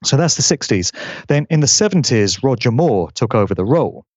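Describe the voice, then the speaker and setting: A man explaining at length in a measured, conversational way. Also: mid-range voice, sing-song, a little mellow, no room sound. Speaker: guest commentator. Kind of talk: conversational commentary. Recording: dull lo-fi audio.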